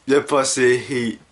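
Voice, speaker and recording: A man hosting a casual podcast monologue, rambling and stumbling over his words while giggling often. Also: medium pitch. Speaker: podcast host.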